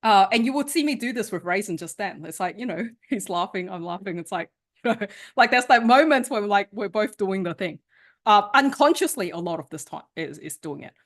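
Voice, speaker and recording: An animated woman sales and communication coach teaches an interactive online workshop in a lively-pitched, brisk voice. She is conversational, often asks "right?" and laughs.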